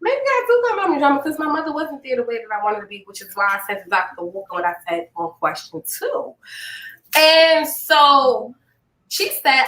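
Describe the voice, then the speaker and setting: A woman hosting a podcast in casual chat, animated and blunt, swearing freely and laughing often. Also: high-pitched, normal speed, roomy sound, poor audio. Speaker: podcast host.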